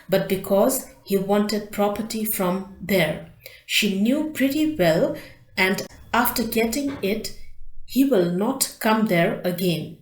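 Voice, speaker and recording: A woman teacher reads out a lesson at a slow, unhurried pace. She pronounces each word carefully and stretches out the ones she is teaching. The room around her rings with echo. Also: medium pitch. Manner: slow, careful dictation, drawing out words to pronounce them. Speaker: English teacher. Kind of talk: reading out textbook answers.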